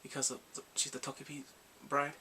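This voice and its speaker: A man recapping a drama episode in a casual, excited way, acting out the characters' lines and his own reactions. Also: mid-range voice, a little fast, slight background noise. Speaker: drama reviewer.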